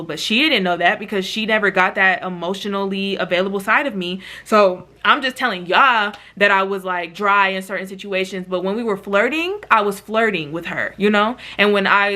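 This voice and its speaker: A woman telling a story in a casual vlog, animated and chatty, talking straight to her viewers. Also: medium pitch, a little fast, few pauses. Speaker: vlogger.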